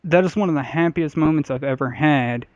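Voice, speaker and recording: A man's voice: fairly high pitch, fairly quick, noisy background. Blunt, profane male podcast storyteller. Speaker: podcast co-host. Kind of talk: casual comedy podcast chat. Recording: slightly dull podcast audio.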